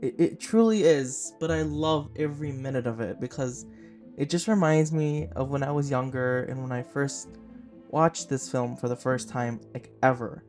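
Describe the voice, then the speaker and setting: A young man in his twenties hosts a laid-back podcast and enthuses about a favorite film. His voice sits at a middle pitch, and his talk is loose and filler-heavy. Soft guitar music plays faintly behind him. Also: moderate pace. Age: 20s. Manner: chatty and gushing, with frequent "like" fillers. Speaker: podcast host. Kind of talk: casual film review podcast.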